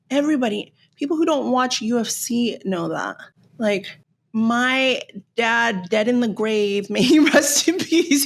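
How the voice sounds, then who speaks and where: A woman from Los Angeles hosting a podcast, ranting in an animated, sarcastic way and swearing freely. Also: on the high side, creaky. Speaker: podcast host. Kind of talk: casual rant.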